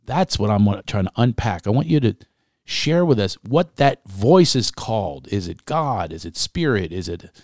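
A man's voice: fairly low pitch, very animated, moderate pace, darkish tone, no echo, clean studio sound. Insistent man hosting a podcast. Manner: insistent, repeats himself, keeps pressing the guest. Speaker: podcast host. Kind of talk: probing interview questions.

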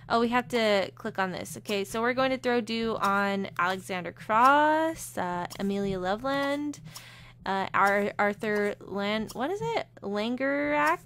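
A woman's voice: fairly high pitch, a bit bright. A woman narrating her video game play in a bubbly, giggly way, reading the on-screen text aloud. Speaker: let's play host. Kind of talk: casual gameplay commentary.

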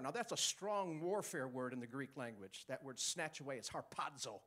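A man's voice: medium pitch, lively intonation, a little fast, hardly any pauses, a bit bright. A man preaching a sermon, teaching with call-and-response and chuckles.

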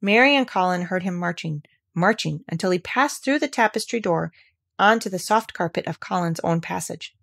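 A woman reading a classic children's novel aloud in a calm, measured voice. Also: fairly low pitch, creaky. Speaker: audiobook reader. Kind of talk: storybook narration.

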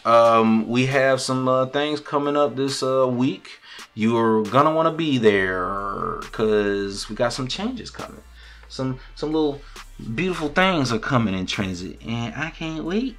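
A man's voice: medium pitch, moderate pace, a bit bright, soft background music. Rambling slangy man signing off a podcast. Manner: loose, rambling, slangy delivery. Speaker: podcast host. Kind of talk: casual podcast sign-off.

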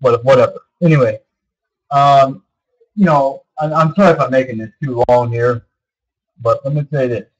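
A man's voice: medium pitch, normal speed, pauses often, husky, muffled recording. A man in his early thirties talking in a rambling, casual monologue to his viewers, full of fillers and repeats. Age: 30s. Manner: meandering, repeats himself, many fillers. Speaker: vlogger.

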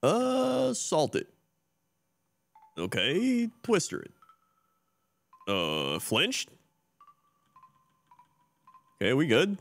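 A man's voice: a little high, wildly swooping pitch, extremely slow, gravelly, pauses often, a bit bright. A male streamer giving laid-back, wry live commentary on his own game play.

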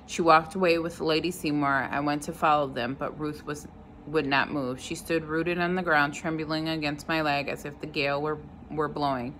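A woman reading a novel chapter aloud at an unhurried pace, now and then stopping to comment on the story. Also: deep voice, fairly even intonation, fairly bright tone, a little hiss or hum, poor audio. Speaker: reader.

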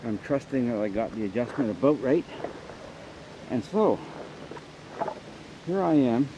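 A man's voice: medium pitch, lively intonation. Man chatting outdoors on a dull lo-fi camera mic. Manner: chatty, unhurried, talks to camera while working. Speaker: outdoor vlogger. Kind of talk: casual outdoor narration. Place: outdoors in the woods. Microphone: camera mic on a small tripod. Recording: dull lo-fi outdoor recording with clear background noise.

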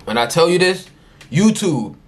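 A young man hosting a reaction video, talking casually with loud, excitable outbursts and mocking asides. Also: high voice, a little slow, background noise. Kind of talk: live reaction commentary.

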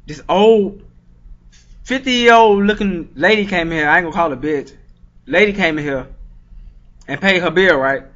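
A man with a worn-out voice doing a crude comic rap parody, given to loud outbursts. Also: sits high, moderate pace, long pauses. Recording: dull lo-fi recording with music.

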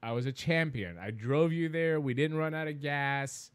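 Man, greek accent, casual co-host, animated storytelling, laughs a lot. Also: fairly high pitch, normal speed, smooth. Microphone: desk mic set a little far back.

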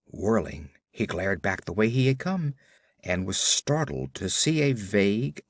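Man narrating an audiobook with lively inflection. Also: medium pitch, no echo, clean studio sound.

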